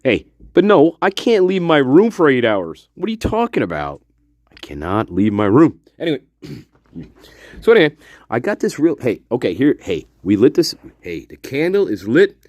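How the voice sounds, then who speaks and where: A man's voice: medium pitch, wildly swooping pitch, normal speed, darkish tone, no room sound. A man hosting a casual live stream from his room, rambling, swearing and laughing often as he talks to viewers. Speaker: channel host.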